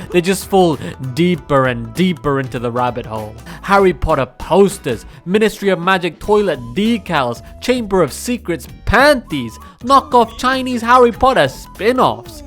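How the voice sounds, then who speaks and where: A young man telling a comedic story about himself, animated and mocking, slipping into silly voices. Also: high-pitched.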